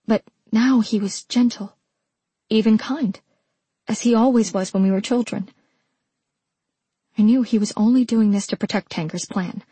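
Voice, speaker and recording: A woman narrating a first-person audiobook in a measured, intimate way. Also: medium pitch, warm tone, breathy edge, no echo.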